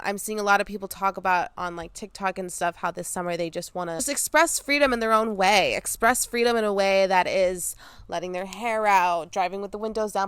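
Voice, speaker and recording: A young woman hosting a casual solo podcast outdoors, chatty and quick to laugh, with frequent ums. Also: mid-range voice, smooth, no room sound. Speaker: podcast host. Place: outdoors near an airport, under trees.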